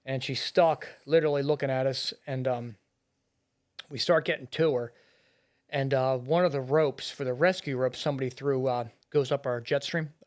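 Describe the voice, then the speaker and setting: A middle-aged firefighter and police officer telling a painful rescue story in a podcast interview, blunt and full of swearing. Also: male voice, mid-range voice, steady tone, normal speed. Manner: blunt and profane, heavy swearing and filler words.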